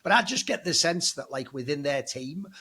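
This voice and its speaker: A middle-aged man from Northeast England with a neutralized international English accent, an animated and opinionated esports pundit who swears freely in casual podcast debate. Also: a little high, moderate pace, breathy edge. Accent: neutralized international English, between mild American and English.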